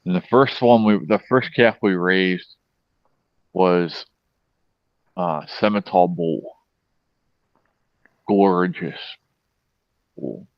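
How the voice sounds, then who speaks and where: Low-voiced rambling storyteller man. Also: drawn-out words, long pauses, dry recording. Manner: rambling, profane, anecdotal. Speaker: host. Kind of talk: casual storytelling chat. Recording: dull lo-fi sound, dry.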